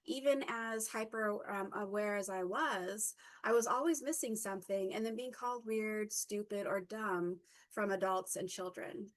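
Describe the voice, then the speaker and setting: Woman, forties, reflective personal talk, mid-pitched, halting with fillers and self-corrections. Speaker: guest speaker.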